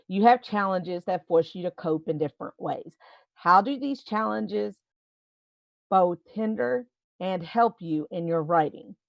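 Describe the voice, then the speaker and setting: A woman's voice: medium pitch, vocal fry, no room sound, muffled recording. A woman hosting a live-stream interview over a video call, asking questions and reassuring her guest. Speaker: show host.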